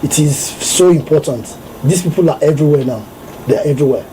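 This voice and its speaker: A man's voice: on the high side, quick pace, dark tone, a little hiss or hum, poor audio. A Nigerian man, a security professional, speaking earnestly as a radio guest and repeating his key points. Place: radio studio.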